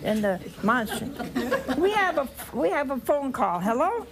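Slow, tender older woman preaching. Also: high voice, big pitch swings. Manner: slow, tender, drops to a whisper on key phrases. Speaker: nun hosting a religious call-in program. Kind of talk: spiritual teaching with phone calls.

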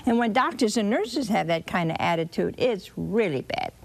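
A woman preaching a sermon, telling a scripture story slowly and expressively with dramatic repetition. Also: medium pitch, lively intonation, creaky.

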